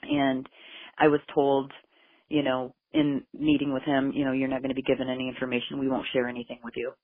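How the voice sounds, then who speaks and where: Recounting the search for her missing son in an interview, a mother speaks briskly with an extremely low pitch and vocal fry. She's intense and emotional, repeating what everyone said to her. The recording is phone-like and narrow, without echo.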